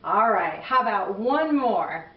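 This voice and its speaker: A woman's voice: mid-range voice, lively intonation, measured pace, very noisy. Older lady host talking to little kids, encouraging, roomy and a bit far off. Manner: warm, encouraging, kid-directed. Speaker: children's show host. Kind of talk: chatty talk to young children. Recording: roomy, distant, dull recording.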